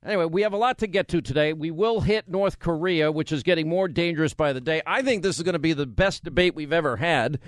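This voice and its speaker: Brash New radio talk host. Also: male voice, fairly high pitch, dry recording, studio quality. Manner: brash, combative, rapid-fire. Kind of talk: talk radio monologue and live reads. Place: radio studio. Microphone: studio microphone.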